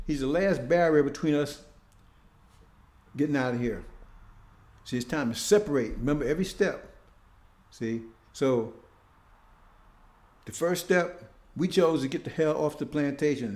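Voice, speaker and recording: With a medium-pitched, somewhat mellow voice in a roomy-sounding space, a man delivers a casual sermon. He keeps it conversational, constantly tossing out short check-ins like "see?".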